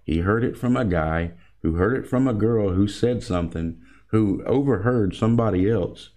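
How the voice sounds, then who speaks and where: A man's voice: on the low side, moderate pace, mellow. A man delivering an opinionated political commentary monologue, speaking emphatically and calling his listeners folks.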